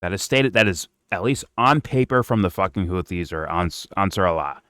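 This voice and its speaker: Deep-voiced man, mocking and profane. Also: expressive, moderate pace, a bit bright, dry recording, clean studio sound. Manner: mocking, sarcastic, swears often. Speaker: reaction stream host. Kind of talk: casual profane commentary.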